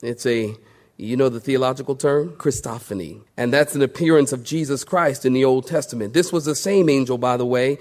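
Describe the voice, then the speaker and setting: A male pastor preaching a sermon to a congregation, swinging between loud emphatic highs and hushed lows and calling for amens. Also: a little fast. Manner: call-and-response with the congregation.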